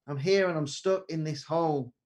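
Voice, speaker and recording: A man's voice: on the high side, normal speed, darkish tone, close to an everyday voice. A man voicing a desperate man stuck in a hole, calling up for help in a told story. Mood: pleading. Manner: pleading, calling upward.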